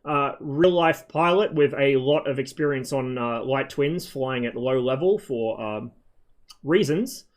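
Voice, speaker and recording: A man chatting casually on a live game stream, wandering from one thought to the next. He swears freely and fills pauses with ums and likes. His voice sits at an ordinary middle pitch. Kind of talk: casual rambling stream chat.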